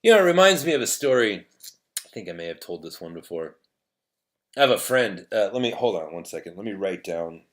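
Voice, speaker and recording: A man's voice: fairly low pitch, big pitch swings, brisk. A man hosting an opinion show, telling a rambling story with restarts and sarcastic jabs. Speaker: podcast host.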